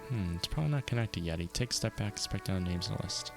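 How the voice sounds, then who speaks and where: A man streaming a video game, reading its narration aloud and reacting with quick casual asides. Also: fairly low pitch, expressive, creaky. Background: game music.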